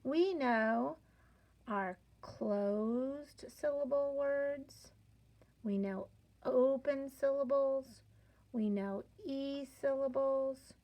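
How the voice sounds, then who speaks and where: A woman teaching a children's phonics lesson, spelling out sounds slowly and clearly with playful, encouraging emphasis. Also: sits high, dark tone.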